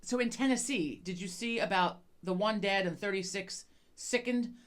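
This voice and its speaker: A woman's voice: mid-range voice, moderate pace. A woman co-hosting a podcast in casual chat, rambling and swearing often, stammering on her words. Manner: profane, rambling, frequent stammers. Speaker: podcast co-host.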